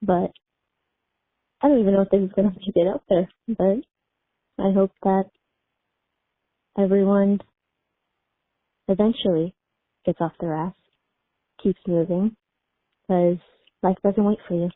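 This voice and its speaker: A woman's voice: medium pitch, fairly even intonation, unhurried, long pauses, dry recording. A woman leaving a casual, blunt and encouraging voicemail message. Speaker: caller leaving an anonymous voicemail. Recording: dry tinny phone voicemail.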